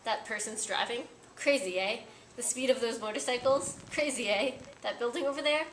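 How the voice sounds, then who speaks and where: A woman's voice: a little high, moderate pace, fairly bright tone, slight background noise, close to an everyday voice. A woman voicing a cheerful male French taxi driver with a French accent, recorded in an echoey room. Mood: amused.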